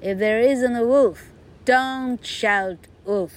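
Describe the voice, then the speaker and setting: A woman's voice: medium pitch, lively intonation, slow pace, a little mellow. A woman voicing a stern but fond village father who speaks firmly and scolds. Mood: scolding. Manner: firm, scolding.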